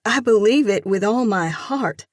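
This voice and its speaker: A woman's voice: mid-range voice, moderate pace, dry recording, clean studio sound, lightly acted. A woman reading an audiobook and voicing a torn young female singer who speaks in an earnest, emotional way. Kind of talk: audiobook dialogue.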